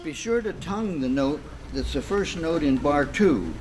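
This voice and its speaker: A man's voice: a little high, expressive, normal speed, hardly any pauses. A man conducting a band rehearsal, counting off beats, scatting rhythms and making fussy, precise corrections. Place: rehearsal room with band playing. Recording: loud band music behind.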